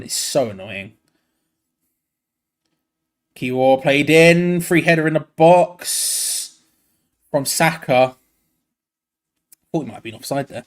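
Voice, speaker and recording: A young man doing live fan commentary on a match, excitable and groaning in frustration. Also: mid-range voice. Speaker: fan watch-along host.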